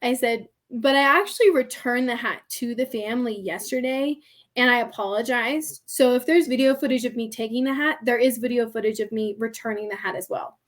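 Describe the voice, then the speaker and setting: A woman guest on a podcast telling a story in casual conversation. She is animated, laughs often, acts out the people in it and keeps saying "like". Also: fairly high pitch, brisk. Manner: chatty, heavy use of "like" and "I'm like".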